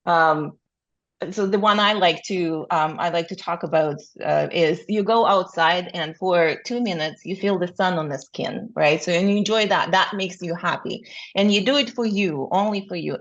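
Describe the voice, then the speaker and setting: A woman's voice: on the low side, normal speed, lo-fi sound. A woman speaking as a coach in an interview, with frequent fillers and rhetorical questions. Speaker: burnout coach, guest. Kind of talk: interview answers.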